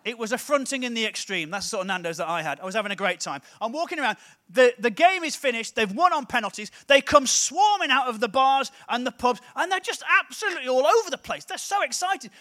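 A man's voice: extremely high pitch, pushed and bright. A man, a comedian preaching a comic sermon in a playful, self-mocking way.

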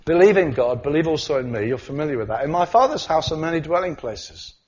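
A man preaching a sermon, swinging from loud cries to quiet asides. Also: fairly high pitch, lively intonation, quick pace. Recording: slightly dull sound.

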